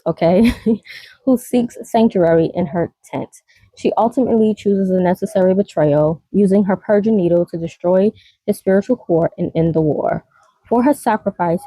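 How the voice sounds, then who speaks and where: A woman chats casually to her vlog audience in a low, mellow voice, rambling from point to point with frequent little laughs. The sound is close and dry, with no room around it. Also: dry recording, low-quality recording. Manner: rambling, laughs often, many fillers. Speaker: vlogger. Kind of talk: casual chat.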